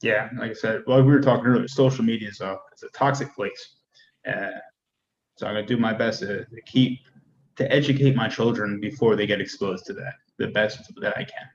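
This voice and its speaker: A man's voice: lowish voice, fairly even intonation, brisk. A middle-aged man, an Army sergeant, talking candidly about family life in a rambling way with frequent restarts. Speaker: Army first sergeant, guest. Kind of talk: casual conversation. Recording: dull, lo-fi sound with faint noise.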